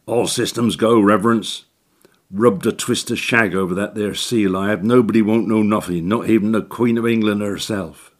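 A man's voice: on the low side, fairly even intonation, moderate pace, natural voice. A man voicing a crafty old male church handyman who talks in broad working-class slang. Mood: sly.

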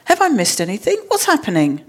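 A woman's voice: mid-range voice, wildly swooping pitch, quick pace. A woman voicing a blustering middle-aged father who grumbles and sounds exasperated, in a storybook reading. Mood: drowsy.

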